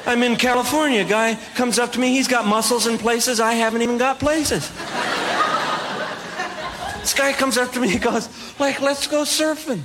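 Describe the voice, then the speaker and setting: A man's voice: very high voice, steady tone, moderate pace, pauses often, noisy background. A man telling self-deprecating comic stories with playful punchlines to a live audience. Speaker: comedic speaker. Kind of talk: stand-up storytelling.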